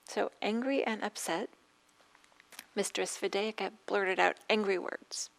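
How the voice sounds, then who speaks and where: A woman meditation teacher gives a dharma talk with a scratchy throat and a gravelly, fry-laden voice. She tells stories unhurriedly and often trails off into near whispers. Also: mid-range voice, fairly even intonation. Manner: unhurried storytelling with soft asides, trailing into whispers.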